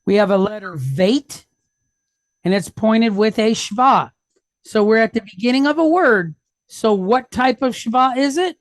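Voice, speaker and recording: With a slightly high, animated voice, this teacher leads a reading lesson and works through syllables slowly and patiently, one step at a time, stopping to check on her class. There's no room sound.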